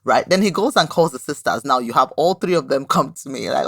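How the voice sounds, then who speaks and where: Lively woman podcast host, dry sound. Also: a bass voice, a little fast, creaky, no room sound. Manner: lively storytelling, often adds a questioning "right?". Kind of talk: motivational talk.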